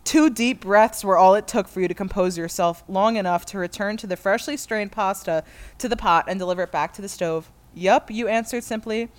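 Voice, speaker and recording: A woman's voice: medium pitch, fairly quick. A woman reading fan fiction aloud to friends, often breaking into laughter as she goes. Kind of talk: comedic dramatic reading.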